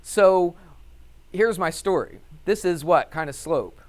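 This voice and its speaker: Animated, chuckling male math teacher. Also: high-pitched, slow. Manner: animated, laughs often, acts out story. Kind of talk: classroom storytelling lesson. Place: classroom.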